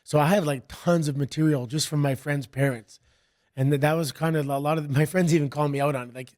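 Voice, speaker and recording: A middle-aged man from Canada, a guest chatting casually and telling rambling stories in a relaxed way. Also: on the high side, fairly quick. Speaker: guest, wrestler. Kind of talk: casual interview chat.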